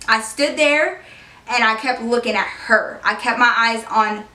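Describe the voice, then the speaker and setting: A young woman in her twenties casually telling a story on her vlog, animated and swearing freely. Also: on the high side, unhurried. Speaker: beauty vlogger telling a story. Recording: echoey room, far from the mic.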